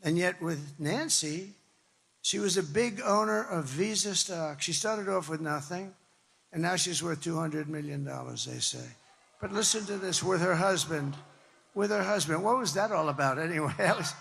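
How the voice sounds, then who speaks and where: Older man from new york, rally speech, gravelly and sharp tone, rambling, repetitive, big hall reverb. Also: on the high side, moderate pace, a little hiss or hum. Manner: repetitive, emphatic, rambling and conversational. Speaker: political speaker. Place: large hall before a crowd.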